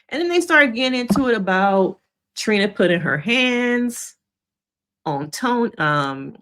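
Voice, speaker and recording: A woman therapist with a mid-range voice gives a casual, animated recap of a reality show episode. She acts out the quotes and laughs along the way.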